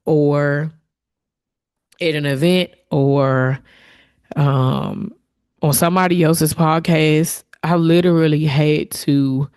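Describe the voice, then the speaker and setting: A woman's voice: low voice, a little mellow. A woman hosting her own podcast, talking candidly and from the heart in a reflective solo monologue, with fillers and restarts. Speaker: podcast host.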